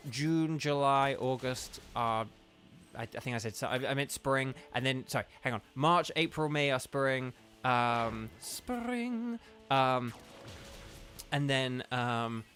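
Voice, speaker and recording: A man's voice: mid-range voice, a bit bright. A man chatting casually on a game live stream, rambling from one tangent to the next and filling his talk with "like". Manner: rambling and digressive, heavy use of "like".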